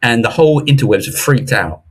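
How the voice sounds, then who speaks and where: A middle-aged man talks markets in a casual interview with a husky, slightly breathy voice. He is animated and jokey, often restarting sentences and throwing in mocking asides. His pitch sits in the middle range. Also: brisk. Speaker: investment commentator guest.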